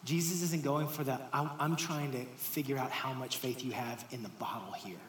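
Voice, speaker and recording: A man preaching a sermon to a congregation, talking to them directly and dropping to hushed near-whispers before raising his voice for emphasis. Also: mid-range voice, moderate pace, slight background noise. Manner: shifts between hushed near-whispers and raised emphatic lines; conversational, addresses the congregation directly. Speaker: pastor. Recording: roomy hall sound with faint ambience.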